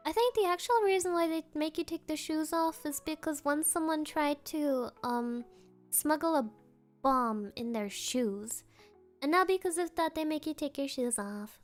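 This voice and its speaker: A woman's voice: high-pitched, normal speed, faint music behind. A woman streamer chatting casually and reading chat aloud, giggling often.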